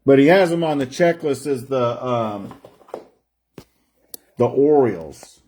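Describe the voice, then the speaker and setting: A man's voice: mid-range voice, animated, takes it slowly, a little mellow. A man hosting a live card break stream, chatting casually and drawing out player names as he opens packs. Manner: chatty, rambling, drawls out player names while opening packs.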